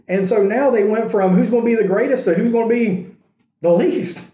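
A man's voice: high voice, a little fast, warm tone. A man preaching a sermon in a conversational way, acting out the quoted lines as he tells the story. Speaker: pastor. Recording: echoey room.

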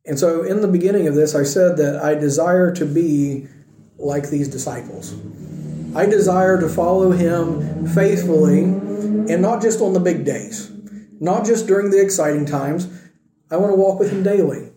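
A man's voice: fairly high pitch, moderate pace, background noise. A man preaching a conversational sermon, retelling a story and asking his listeners questions. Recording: echoey room.

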